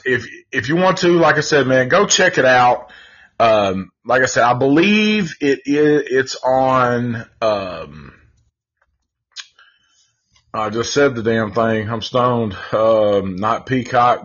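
A husky-voiced man drawls through a casual live-stream review, rambling and swearing freely. His delivery is unhurried, and the audio comes across dull and lo-fi. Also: medium pitch, a bit bright. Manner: rambling, profane, laid-back. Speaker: movie reviewer.

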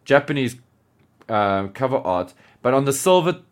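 A man co-hosting a podcast in an animated, casual way, laughing as he goes and scattering filler words. His voice sits at a middling pitch. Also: normal speed. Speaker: podcast co-host.

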